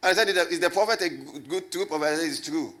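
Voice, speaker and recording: A man preaching a lively sermon as a pastor, swinging from loud shouts to low asides and calling on the congregation to answer. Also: rapid-fire. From Ghana. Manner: animated, rising to shouts and dropping low, with call and response.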